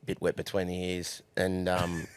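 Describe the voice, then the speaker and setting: A man's voice: sits low, monotone, moderate pace, clean tone, dry recording. A young Australian man, a horse trainer, telling crude stories with lots of swearing and laughter in a casual podcast chat.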